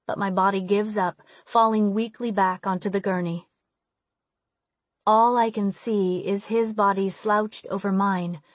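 On a close studio mic with no room sound, a woman with a mid-range voice reads a first-person audiobook, keeping the narration measured and letting the dialogue turn emotional.

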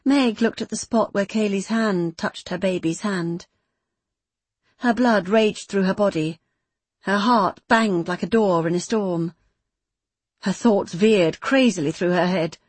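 Woman, audiobook narrator, measured intimate reading, husky voice, dry close recording. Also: medium pitch, no echo. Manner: measured, intimate, close third-person storytelling. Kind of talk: scripted narration.

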